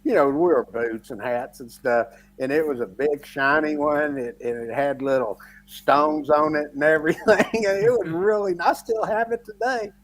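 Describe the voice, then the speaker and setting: Husky guy laughing through stories on a football podcast, slightly higher voice. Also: moderate pace. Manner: laughs often while telling stories. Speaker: podcast co-host. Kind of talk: casual chat.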